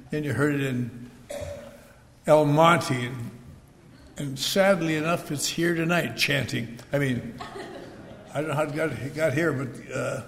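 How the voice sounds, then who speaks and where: A man's voice: a little high, creaky. An older man speaking at a recovery meeting, telling wry, rambling stories with asides to the crowd. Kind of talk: personal storytelling talk. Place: large meeting hall. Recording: echoey hall recording with faint noise.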